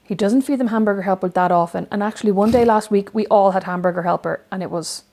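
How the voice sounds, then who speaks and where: A woman's voice: medium pitch, fast talker, mellow. A woman in her thirties with an Irish accent, co-hosting a casual podcast chat and telling stories with plenty of fillers. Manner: rambling, storytelling, lots of fillers. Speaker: podcast co-host.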